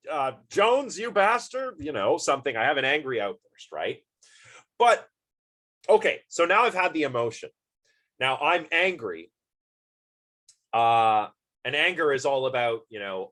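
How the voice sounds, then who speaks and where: A man's voice: medium pitch, pushed and bright. A man lecturing on philosophy in an informal university class, thinking aloud through everyday examples and putting questions to the students.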